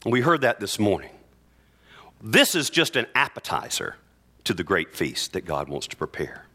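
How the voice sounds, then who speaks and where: A male pastor preaching earnestly in church, reading scripture aloud with slow, emphatic phrases. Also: on the low side, big pitch swings, pushed and bright. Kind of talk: sermon.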